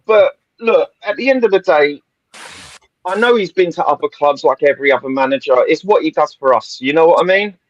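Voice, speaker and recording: A man's voice: a little high, a little fast, no room sound, highs cut off. A man giving blunt opinions in a casual football podcast chat, laughing often. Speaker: podcast panelist.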